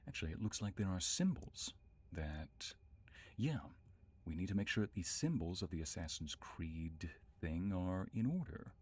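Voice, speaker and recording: A young man with a low, husky voice streams a game. He chats easily with his viewers and talks himself through each step as he plays. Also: animated, moderate pace, darkish tone. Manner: chatty, greets viewers by name, thinks aloud. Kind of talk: casual let's-play commentary.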